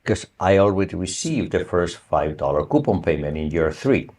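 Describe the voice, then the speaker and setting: A man with a deep, low-pitched voice gives a university lecture. He talks in a loose, conversational way and keeps asking the class whether it is clear. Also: expressive, moderate pace, darkish tone. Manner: conversational, asks the class for confirmation. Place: online or recorded lecture.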